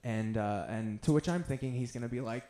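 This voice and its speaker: A man's voice: medium pitch, fairly quick, mellow. Man telling stand-up stories in a roomy venue. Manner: self-mocking, offhand storytelling. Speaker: stand-up comedian. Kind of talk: stand-up storytelling.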